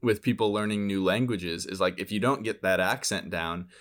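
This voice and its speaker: A man co-hosting a casual podcast, laughing easily and pausing on ums and restarts. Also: fairly low pitch, fairly bright tone. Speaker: podcast co-host.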